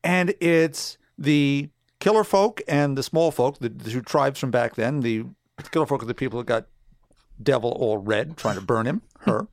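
A man co-hosting a podcast, recapping a comic in steady, detailed casual chat. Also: mid-range voice, normal speed, no echo. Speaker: podcast co-host.

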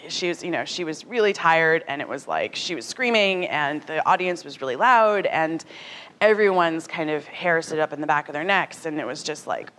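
A woman in her thirties speaks to an audience with lots of movement in her voice, rising and falling as she acts out what others said. Her voice sits a little low for a woman, and her delivery stays casual and chatty. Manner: animated, conversational, acts out quotes. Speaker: speaker at a talk. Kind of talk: public talk to an audience.

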